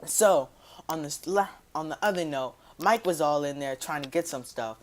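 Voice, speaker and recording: A man telling a personal story to his viewers in a casual, slangy, rambling way, dropping his voice low for quoted asides. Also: moderate pace.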